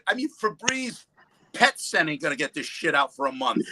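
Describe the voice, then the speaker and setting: A man's voice: fairly high pitch, a little fast, slight background noise, low-quality recording. A man telling stories in casual chat on a livestream, acting out what people said, swearing freely. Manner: animated storyteller, acts out quotes, profane. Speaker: livestream panelist. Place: home in the East Coast.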